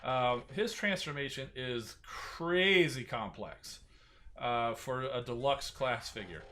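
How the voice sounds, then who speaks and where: A man's voice: mid-range voice, slow, pushed and bright, slight background noise. A man hosting a casual livestream, showing off collectible figures in a rambling style with many fillers and restarts. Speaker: toy collector and channel host. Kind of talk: casual livestream show-and-tell.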